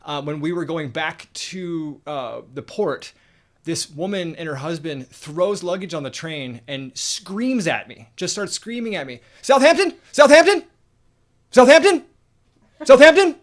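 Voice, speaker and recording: A man from the United States co-hosts a casual livestream chat, with a slightly high voice. He tells stories in an easygoing, joking way. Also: animated, measured pace. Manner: easygoing, joking storyteller, reads viewer comments. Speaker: co-host.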